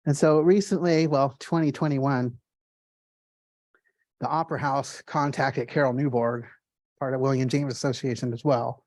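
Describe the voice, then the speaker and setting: A man tells stories about his own artwork in a casual, animated way. He rushes ahead when he gets excited and stumbles over fillers and restarts. His voice sits at a mid pitch and sounds dry and close, with no room echo. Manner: excited, talks fast in quick bursts. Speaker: artist giving a gallery talk. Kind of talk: casual storytelling talk.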